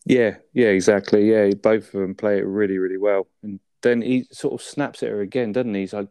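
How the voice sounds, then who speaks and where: A man's voice: lowish voice, fairly even intonation, brisk, warm tone, smooth, dry recording. A man, co-hosting a podcast, chatting about a film with swearing and tag questions. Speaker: podcast co-host. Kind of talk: casual film review chat.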